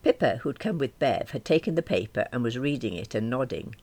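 A woman's voice: very deep voice, animated, a little fast, warm tone. A woman narrating a first-person story audiobook in a wry, self-deprecating manner.

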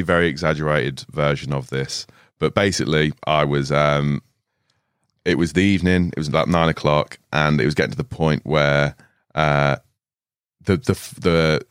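A man's voice: rumbling low, clean tone, dry recording, studio quality. A man, a carp angler guest on a podcast, telling a rambling story with frequent laughs and restarts. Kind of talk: casual storytelling chat. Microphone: studio podcast mic.

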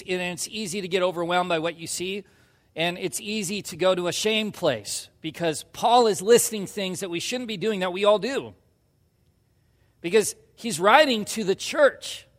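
A man preaching a sermon, telling a personal story and acting out quoted lines in a hushed voice before pushing to loud emphasis. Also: sits high, normal speed, big-room sound. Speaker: pastor.

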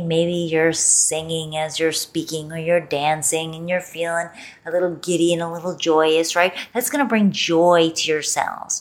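Woman podcast host, solo talk; slightly low voice, playful and expressive, leans on words for emphasis.

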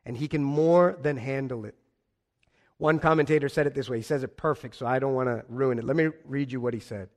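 A man's voice: medium pitch, fairly quick. A male pastor preaching a sermon, impassioned and building to emphatic repeated phrases. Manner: impassioned, rising to emphatic repetition. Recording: long reverb of a large hall.

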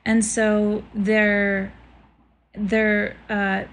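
A woman's voice: mid-range voice, completely flat delivery, very slow. Woman, thirties, conversational co-host, storyteller who acts out quotes with laughter, faint hiss behind. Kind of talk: casual chat.

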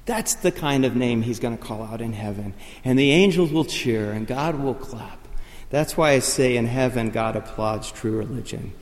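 A man preaching a sermon, telling stories and rising to loud, excited proclamations. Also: mid-range voice, moderate pace. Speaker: pastor. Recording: long hall reverb.

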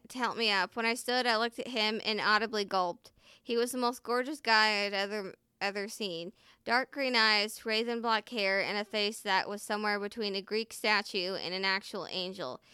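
A woman's voice: mid-range voice, pushed and bright, clean tone, no room sound. A woman vlogger who chats casually and swears freely, then reads her own story aloud.

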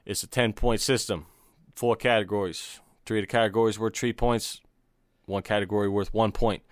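Lower-voiced, teasing podcast host man. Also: steady tone, moderate pace, dry recording, studio quality. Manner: teasing, sarcastic. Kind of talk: casual chat.

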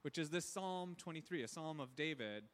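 Pastor guy in his 30s, kinda high voice, chatty sermon w lots of uhs, long reverb tail. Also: animated, moderate pace, a bit bright, a little hiss or hum. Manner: informal and candid, frequent fillers and restarts. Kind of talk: conversational sermon.

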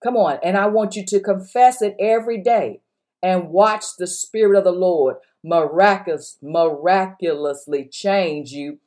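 A woman's voice: on the low side, measured pace, darkish tone. Emphatic woman pastor preaching. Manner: emphatic preaching with repeated phrases; speaks directly to listeners and encourages them. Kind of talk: sermon.

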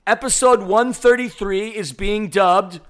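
A man co-hosting a sports podcast, hoarse and playful, riffing dramatically. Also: high-pitched, measured pace. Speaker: podcast co-host. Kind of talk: casual sports podcast chat.

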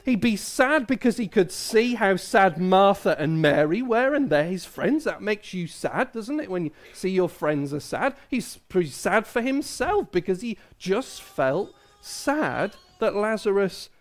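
Church preacher for an all-ages service, talks to kids and adults alike and keeps asking "isn't it?". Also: medium pitch. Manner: asks many tag questions, draws in listeners. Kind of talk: family sermon addressing kids and adults.

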